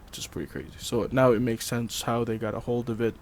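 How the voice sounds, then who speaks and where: A man's voice: mid-range voice, fast, darkish tone, slight background noise. Laid-back man rambling about films. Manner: rambling, laughs often, frequent ums. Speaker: podcast co-host. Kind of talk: casual film discussion.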